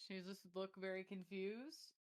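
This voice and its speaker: A woman's voice: medium pitch, unhurried, crowd noise. A woman playing a tabletop game, casual and playful. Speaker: player.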